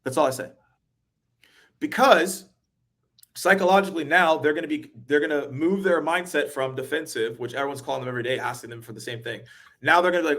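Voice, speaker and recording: Energetic man explaining sales calls. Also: a little high, quick pace. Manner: energetic, acts out calls in quoted voices, laughs often. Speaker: webinar host, sales trainer. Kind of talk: animated casual explanation.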